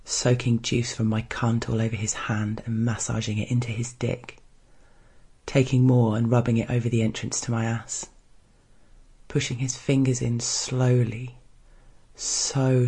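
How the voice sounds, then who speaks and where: Man narrating an erotic story, hushed restrained reading, husky voice, flat even tone. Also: mid-range voice, measured pace. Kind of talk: scripted first-person erotic story reading.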